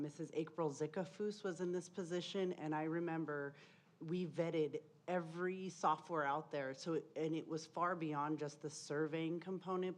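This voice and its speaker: A woman on a school board making spoken remarks at a meeting, rambling a bit and correcting herself with fillers. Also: low voice.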